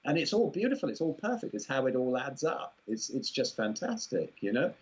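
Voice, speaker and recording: Englishman, husky voice, rambling chatty interview guest on a muffled lo-fi recording. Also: medium pitch, very animated, fairly quick. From England. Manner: rambling, amused, full of "you know" asides. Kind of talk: casual conversational interview.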